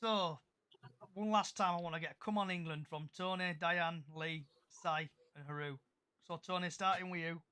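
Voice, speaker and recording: Man, podcast host, chatty, asks questions, bright voice. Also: on the high side, steady tone, moderate pace, smooth. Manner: chatty, keeps the talk moving with questions. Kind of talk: casual podcast hosting.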